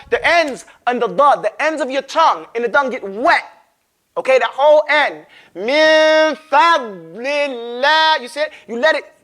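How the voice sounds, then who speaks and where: A man teaching Quran recitation in a classroom, speaking casually, joking and quizzing his students while sounding out words slowly. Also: very high-pitched, bright, forceful tone.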